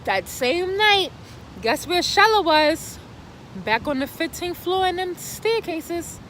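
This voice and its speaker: A woman tells a personal story in a casual vlog, animated and profane, full of dramatic rhetorical questions. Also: very high voice, slow pace, slight background noise. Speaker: vlogger telling a personal story.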